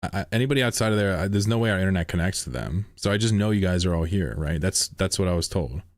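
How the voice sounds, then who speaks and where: A man with a deep, low-pitched voice, chatting with his stream viewers while he plays. He rants in a sarcastic, mock-indignant way. The sound is close and dry, with almost no room around it. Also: expressive, fast talker, no echo. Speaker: game streamer. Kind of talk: casual livestream banter with chat.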